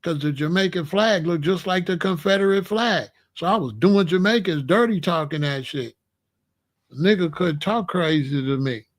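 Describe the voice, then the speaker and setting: A man's voice: sits high, moderate pace. A man from the United States giving a boastful, confrontational, profane monologue.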